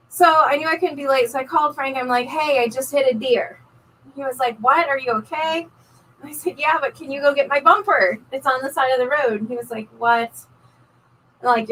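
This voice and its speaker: A middle-aged woman, a nurse, telling a story in casual chat on a live stream, talking in an animated way with lots of fillers. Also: fairly high pitch, recorded from a distance, a little hiss or hum, low-quality recording. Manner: chatty, animated storyteller, many likes and ums. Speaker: co-host of a couple's live stream.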